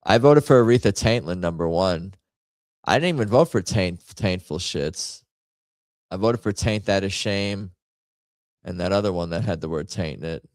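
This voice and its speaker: A man with a fairly low voice chats casually while he plays a party game on stream. He rambles and jokes at his own expense. The sound is dry and close, with no room echo. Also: moderate pace, darkish tone. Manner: rambling, jokey, self-mocking commentary. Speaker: stream host playing party games.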